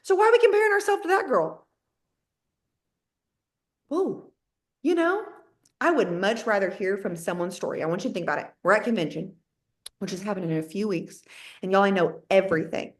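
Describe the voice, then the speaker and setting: A woman giving a lively motivational talk to her sales team, folksy and high-energy, often acting out what people say. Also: fairly quick, pauses often. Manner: high-energy, folksy, acts out quoted voices. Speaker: network marketing team leader.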